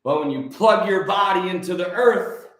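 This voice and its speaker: A man in his forties hosting a livestream, greeting viewers by name and talking in an excitable, preachy way, repeating phrases for emphasis. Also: high-pitched, normal speed. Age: 40s. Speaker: livestream host. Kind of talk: energetic livestream talk. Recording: very echoey room.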